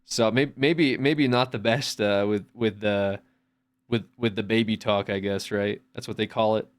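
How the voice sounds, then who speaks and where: A man's voice: on the low side, fairly even intonation, measured pace. A man streaming from home, chatting casually in a rambling way with lots of restarts and swearing. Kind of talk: casual chat.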